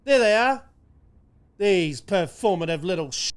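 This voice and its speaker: High-voiced ranting New man. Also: expressive, a little slow, smooth. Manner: ranting, sweary, sarcastic. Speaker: podcast co-host. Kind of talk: casual podcast banter.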